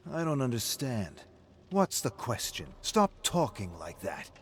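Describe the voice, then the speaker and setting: A man voicing a hot-tempered, defensive drunk brawler who talks in gruff, curt bursts. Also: medium pitch, huge pitch swings, unhurried, slight background noise, pitched above the performer's own voice. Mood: irritated.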